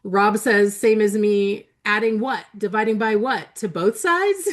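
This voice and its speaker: A woman's voice: mid-range voice, measured pace. Chatty woman teaching a math webinar. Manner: chatty, enthusiastic, frequent laughs and fillers. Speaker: math educator hosting a webinar. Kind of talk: live webinar teaching, reading chat aloud.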